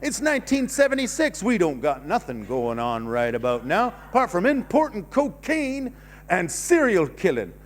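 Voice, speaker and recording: A man voicing a brash male TV announcer from a 1970s advert, with a loud hard-sell pitch in a stand-up bit. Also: huge pitch swings, moderate pace, in a large hall.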